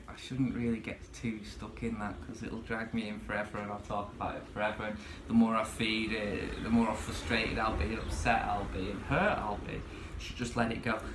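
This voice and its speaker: A man's voice: fairly low pitch, reverberant, background noise. A man ranting casually to his vlog audience from his bedroom, swearing freely and rambling with many fillers. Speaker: vlogger.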